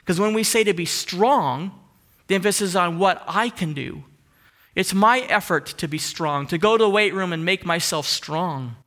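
A man preaching a sermon earnestly, asking rising emphatic questions and dropping into soft hushed asides. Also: sits high, normal speed. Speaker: pastor.

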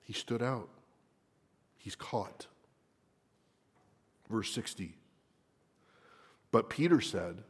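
A man preaching a sermon dramatically, at times dropping into a hushed whisper for emphasis. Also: medium pitch, wildly swooping pitch, takes it slowly, pauses often, husky.

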